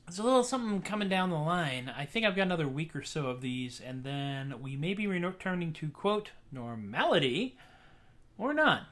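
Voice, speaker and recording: A man's voice: high-pitched, bright, forceful tone. A man hosting a casual live stream, chatting between songs and joking about his own mistakes, with his ukulele playing along. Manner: self-deprecating, chatty, breaks off songs to joke. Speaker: singer-songwriter streaming a show. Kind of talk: casual livestream chat and singing with ukulele.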